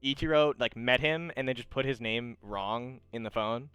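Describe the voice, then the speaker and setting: Man, tabletop game master, chatty narrator, crisp and dry. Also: mid-range voice, moderate pace, sharp tone, dry recording. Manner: chatty, laughing, scene-setting.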